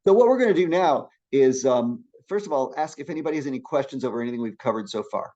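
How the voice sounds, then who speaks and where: Middle-aged man, college lecturer, upbeat and encouraging, mid-pitched voice, talks with restarts. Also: fast, highs cut off. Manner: energetic, encouraging, with frequent restarts. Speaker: public speaking instructor. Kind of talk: classroom lecture.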